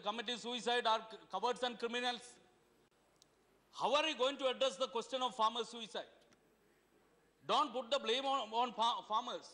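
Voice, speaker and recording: A man with an Indian English accent giving a forceful parliamentary speech, full of rhetorical questions and repeated words. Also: very high voice. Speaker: member of parliament. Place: parliament chamber. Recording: long reverb of a large hall.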